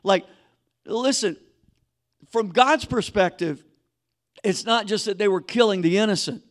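A man preaching a sermon as pastor, emphatic, dropping to a hush and rising again. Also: high voice, expressive, a little slow, pauses often. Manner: emphatic preaching, drops to a hushed voice then rises.

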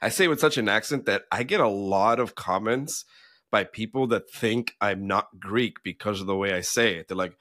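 A man co-hosting a podcast, telling stories in a relaxed way with many fillers. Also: on the low side, moderate pace, no room sound, studio quality. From United States. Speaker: podcast co-host. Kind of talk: casual chat.

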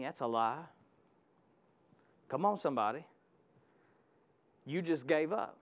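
A man's voice: fairly high pitch, measured pace, long pauses, a bit bright. A man preaching a sermon with passion, calling out to his congregation. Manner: impassioned, calls out to the congregation.

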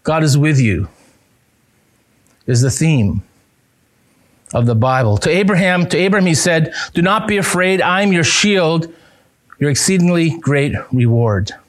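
A male pastor preaching a sermon, emphatic, repeating key phrases and dropping low on punch lines. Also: a little slow, pauses often.

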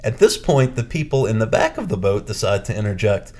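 Man, lowish voice, podcast co-host, chatty storytelling, animated, acts out quotes. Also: fairly quick. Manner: chatty, with restarts and fillers. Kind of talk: casual storytelling chat.

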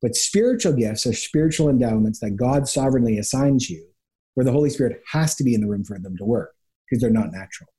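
A man speaks as a guest pastor on an interview podcast, with a mellow, warm tone. He tells lively stories, slipping into quick impressions of the people in them. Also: mid-range voice. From Canada. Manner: animated storyteller, acts out quick voices of people. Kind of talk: conversational interview.

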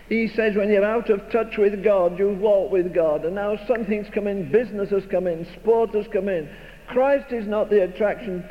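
An older man preaching a sermon with emphatic, rhetorical, repeated phrases. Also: high-pitched. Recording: dull recording in a reverberant hall, faint noise.

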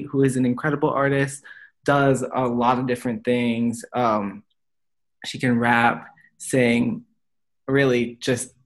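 A young adult podcast co-host chatting casually and telling rambling stories in an easygoing way. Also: medium pitch. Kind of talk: casual chat and storytelling.

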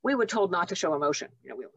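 Speaking rapidly and with animation, this woman in her seventies has a lowish, slightly breathy voice. As a guest on a storytelling interview, the nurse and author recalls her nursing career in heartfelt, reflective tales; the recording is dry and muffled.

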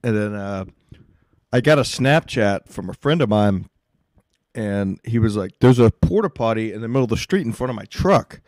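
A man's voice: fairly low pitch, lively intonation, moderate pace, a little mellow, no echo, clean studio sound. A man hosting a podcast, telling stories in casual chat with a laid-back, swearing manner. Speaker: podcast host.

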